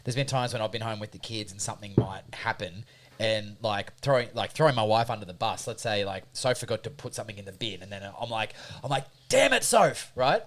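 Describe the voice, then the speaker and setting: A man, co-hosting a casual podcast in a dry, low-key way. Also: fast talker, a little hiss or hum. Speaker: podcast co-host. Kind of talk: casual chat.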